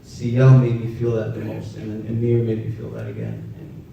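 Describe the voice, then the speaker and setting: A young man telling a personal story in a halting, soft-spoken way, with many fillers. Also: sing-song, creaky. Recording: roomy, distant, dull with faint rumble.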